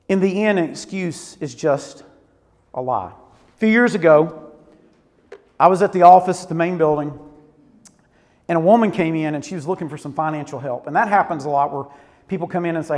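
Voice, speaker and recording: Man in his 40s, youth preacher, high voice, lively storyteller, hall reverb. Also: normal speed. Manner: animated storytelling with Southern "y'all". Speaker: youth pastor. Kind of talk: sermon. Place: church auditorium.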